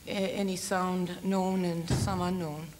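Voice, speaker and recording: A Canadian woman in her forties, a singer guesting on a TV chat show, answering in a relaxed, hesitant, wry way. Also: lowish voice, a little slow, background noise. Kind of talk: TV interview.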